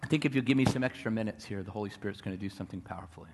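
A man preaching a sermon, telling a story and building to loud, repeated declarations. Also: on the low side, very fast, a little hiss or hum. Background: guitar music.

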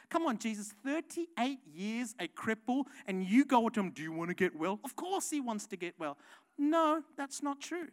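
A woman preaching a passionate sermon, building to loud rhetorical questions. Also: high voice.

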